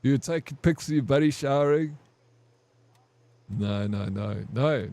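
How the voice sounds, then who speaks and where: A man's voice: medium pitch, a little slow, warm tone. A man streaming a game, rambling and crude as he tells a long army story to his chat. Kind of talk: casual gaming stream storytelling.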